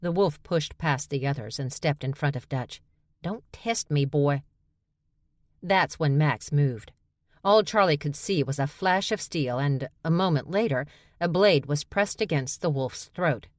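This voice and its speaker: A woman's voice: sits low, dry recording. A woman narrating an audiobook with wry, dry storytelling. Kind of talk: scripted narration.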